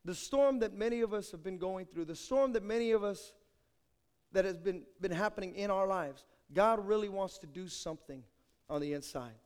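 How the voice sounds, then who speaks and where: A male pastor preaching a sermon with dramatic storytelling, swinging between loud and soft. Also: sits high, moderate pace, smooth. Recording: echoey hall.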